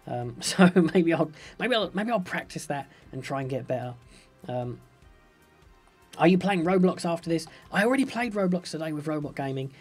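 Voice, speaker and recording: A man's voice: a little high, expressive, normal speed, faint music behind. Playful young man streaming a building game. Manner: playful, upbeat, chatty, jokey. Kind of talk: live gameplay commentary, reading chat.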